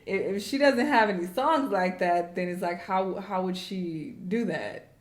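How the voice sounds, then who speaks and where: A woman co-host calmly pushing back in a casual chat. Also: medium pitch, a little slow.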